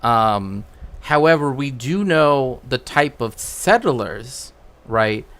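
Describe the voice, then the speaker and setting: A man's voice: medium pitch, expressive, slow pace, fairly bright tone, clean tone. A man hosting a casual stream, rambling through trivia with many fillers and restarts. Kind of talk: casual chat.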